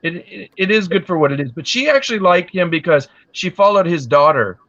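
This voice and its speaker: Middle-aged man, slightly high voice; easygoing guest on a live call, dull and dry audio. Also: expressive, brisk, fairly bright tone, dry recording. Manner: laid-back, trailing off with "you know". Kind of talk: casual chat on a live stream.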